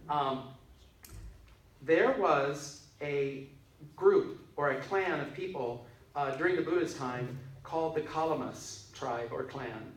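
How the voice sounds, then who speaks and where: A man's voice: on the high side, takes it slowly. An older man, a minister giving a casual, rambling dharma talk with frequent chuckles. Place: church hall. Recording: echoey hall, mic far off, faint hiss.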